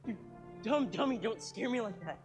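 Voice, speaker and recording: An actor playing a sarcastic, excitable young man in a series, speaking in a teasing way. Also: very high-pitched, moderate pace, slightly rough, faint music behind, exaggerated voice.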